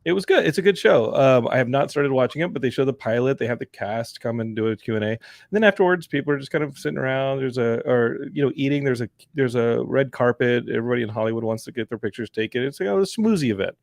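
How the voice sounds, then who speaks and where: A man hosting a podcast, telling stories in a casual, animated way and laughing often. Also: medium pitch, quick pace, gravelly, no room sound, clean studio sound. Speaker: podcast host. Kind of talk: casual chat.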